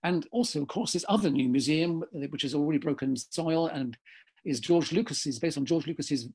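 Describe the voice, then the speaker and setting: A slightly hoarse man giving a discursive lecture over a video call, often correcting himself mid-sentence. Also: fairly high pitch, brisk, darkish tone.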